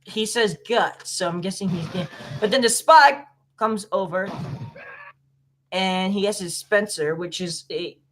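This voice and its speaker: A woman's voice: mid-range voice, unhurried, fairly bright tone, a little hiss or hum. A woman giving casual reaction commentary on a video, rambling and guessing aloud with many fillers.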